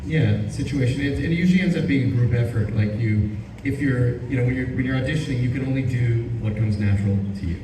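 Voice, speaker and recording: A man's voice: medium pitch, quick pace. A man who is a voice actor, answering fan questions at a convention panel in an earnest, encouraging way, often restarting his sentences. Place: large convention panel hall. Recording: echoey hall, speaker far from mic, background noise.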